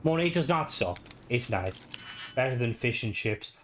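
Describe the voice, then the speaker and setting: A man's voice: medium pitch, expressive, normal speed, noisy background. Irish man, gaming streamer, chatty and rambling, bouncy intonation, faint ambience. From Ireland. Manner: rambling, filler-heavy, chatty asides. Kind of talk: casual gaming stream chat.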